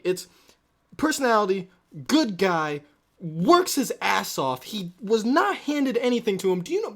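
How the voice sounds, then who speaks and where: A man rants in a reaction vlog, heated and swearing freely. His pitch swings widely as he rambles through his points, and his thoughts keep trailing off and restarting. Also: fairly bright tone. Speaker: channel host.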